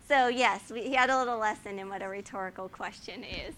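Bright, chatty woman teaching scripture. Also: a little high, big pitch swings, moderate pace. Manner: chatty, checks in with 'right?', laughs often. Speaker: Bible teacher. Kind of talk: casual Bible teaching to a group.

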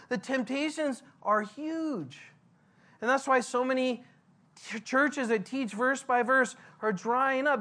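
A man's voice: very high voice, a bit bright. A male pastor preaching a verse-by-verse sermon in a conversational, emphatic way, asking the congregation questions.

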